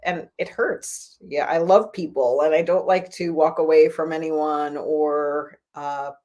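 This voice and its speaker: A woman healer speaks in an interview with a slightly low voice. She sounds earnest and encouraging, and she is reflective as she talks about moving past hard times. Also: steady tone, measured pace, a little mellow. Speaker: spiritual healer guest. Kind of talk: conversational interview.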